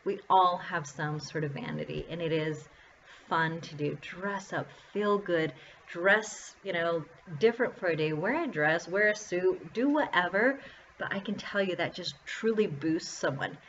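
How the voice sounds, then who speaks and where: A woman's voice: lowish voice, unhurried, a bit bright, a little hiss or hum. A woman chatting casually to the camera, sharing self-confidence tips in a rambling, upbeat way. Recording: slightly dull lo-fi recording.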